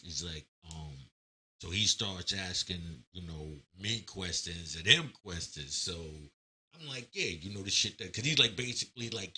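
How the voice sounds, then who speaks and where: A man's voice: low-pitched, moderate pace. A man casually telling a story from his time in prison, acting out the voices of the people involved in streetwise slang. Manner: animated, acts out quoted voices, streetwise slang. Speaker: storyteller recounting prison stories.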